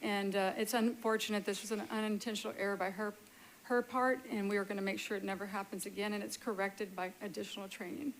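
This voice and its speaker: A woman speaking as an appellant at a public hearing, earnest and apologetic, talking in a hurried way into a meeting-room microphone. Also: medium pitch, flat delivery, a little hiss or hum, low-quality recording. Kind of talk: testifying at a hearing.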